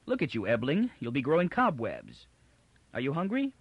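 A man's voice: medium pitch, huge pitch swings, normal speed, breathy edge, dry recording, dull audio, pitched above the performer's own voice, exaggerated voice. A man voicing a decisive, bossy young woman who scolds and fusses in a caring way. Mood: scolding.

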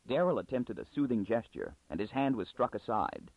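A man narrating an audiobook with an expressive, scripted reading. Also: normal speed, few pauses, slightly rough, no room sound. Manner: expressive reading with animated pitch. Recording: dry, phone-like narrow sound.

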